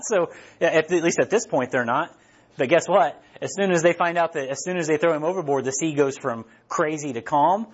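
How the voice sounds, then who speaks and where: A man's voice: on the high side, lively intonation, fairly quick, slightly rough, lo-fi sound. A man, a pastor giving a sermon in a conversational way, often restarting his sentences. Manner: conversational preaching with frequent restarts.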